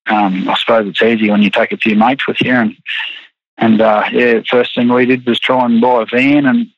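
A man's voice: mid-range voice, flat delivery, normal speed, no room sound, dull audio. An Australian man, a rodeo rider, chatting in an interview in a laid-back, rambling way full of restarts. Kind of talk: casual interview chat.

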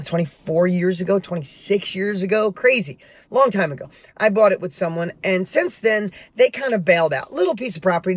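Middle-aged guy with a high voice, podcast host venting and reflecting, swears a bit, sitting in his car. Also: no echo. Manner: candid, animated storytelling with mild swearing. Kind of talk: motivational monologue. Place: parked car.

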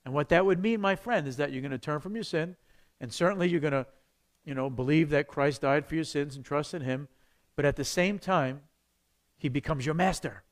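Animated pastor teaching a class. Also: male voice, on the high side, brisk. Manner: conversational, animated, acts out quoted voices. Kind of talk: teaching a church evangelism class.

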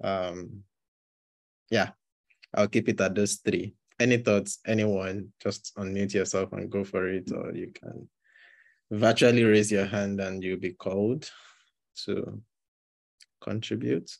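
A man leading an online group discussion over a video call, asking gentle questions with many pauses. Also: lowish voice, fairly even intonation, vocal fry, no echo. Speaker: leader of an online group session.

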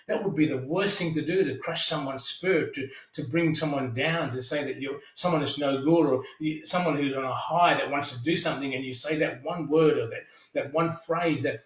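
A man's voice: a little high, fairly bright tone. A middle-aged man preaching a sermon, earnest, often repeating words as he restarts. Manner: earnest, frequent stammered restarts. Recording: echoey room, mic at a distance.

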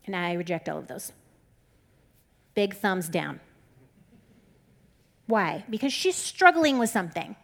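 A woman's voice: fairly low pitch, sing-song, a little slow, gravelly, long pauses. A woman giving a casual Bible teaching in a candid, conversational way. She reassures and encourages her listeners and often says "like". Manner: conversational and candid, with frequent "like" fillers.

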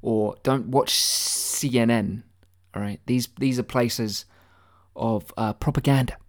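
A man's voice: mid-range voice, steady tone, slow. Rambling mock-earnest male comic monologue. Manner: mock-earnest, rambling with stammered restarts, swearing. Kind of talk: deadpan satirical conspiracy monologue.

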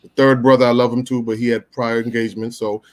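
A man in his forties on a casual podcast, telling a story in a warm, slangy way. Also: medium pitch, flat delivery, fast. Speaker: podcast co-host. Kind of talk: casual chat among friends.

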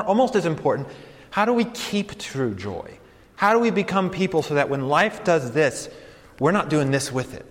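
A young adult man, a campus ministry pastor, giving a conversational sermon with self-deprecating, animated storytelling. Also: fairly high pitch. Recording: long hall reverb.

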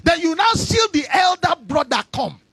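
A man preaching a sermon, shouting in a sing-song cadence and calling on the congregation to respond. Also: very high voice, big pitch swings, normal speed, no room sound.

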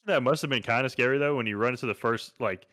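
A man's voice: medium pitch, fast talker, fairly bright tone, no room sound. Dry-voiced joking man in casual chat. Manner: jokey, reads facts aloud.

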